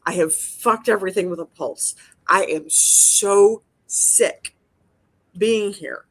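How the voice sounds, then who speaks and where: A woman's voice: medium pitch, slow, slightly rough. Give me a woman podcast host in casual chat, emotional and profane.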